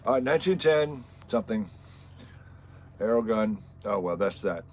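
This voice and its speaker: A man's voice: lowish voice, expressive, a little slow, darkish tone, rough recording. A man hosting a casual livestream chat, wry and talkative as he greets his viewers. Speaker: livestream host.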